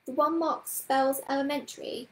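An eager, polite little girl, as a woman puts her on, earnest and hurried. Her voice rides high and bright, with a roomy echo around it. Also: steady tone. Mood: meek. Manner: earnest and quick, apologetic. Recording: roomy echoing room.

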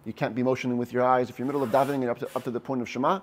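A rabbi leads a text study class, slowly reading Hebrew phrases and explaining each in English. His voice is mid-range with a flat delivery, and there's slight background noise.

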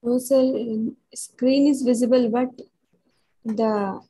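A woman student speaks up on an online class call with a polite, hesitant question. Her voice is mellow and flat, the delivery slow. She sounds a bit distant from her microphone. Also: fairly high pitch, slightly rough.

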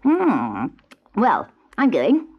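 A woman voicing a cheeky, mischievous male hobgoblin in a high, sing-song, wheedling voice, reading a storybook. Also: huge pitch swings, drawn-out words, breathy edge, exaggerated voice. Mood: sly. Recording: dull old cassette tape.

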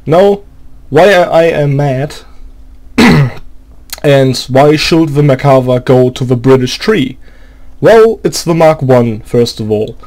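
A gaming video creator with a German accent, speaking English as a second language, unleashes a profane, sarcastic, exasperated rant about a game. His mid-range voice is a little mellow with lively intonation, and he talks slowly, pausing often. He frequently stops mid-sentence to search for the right English word.

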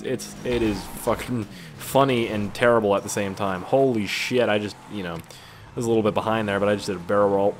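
A young gaming YouTuber with a lowish voice chats casually over gameplay, with slight background noise. His commentary is rambling and profane, hopping between stories and what's happening in the game.

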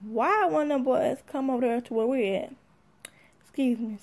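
Sassy high-voiced woman telling a story. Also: moderate pace, breathy edge. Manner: animated, sassy, acts out quotes. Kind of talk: casual storytelling.

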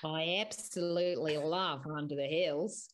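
A woman's voice: deep voice, fairly even intonation, unhurried, pitched below the performer's own voice. A woman podcast host voicing a cheerful Australian listener reading a fan review, in an exaggerated sing-song put-on Australian accent. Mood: gushing.

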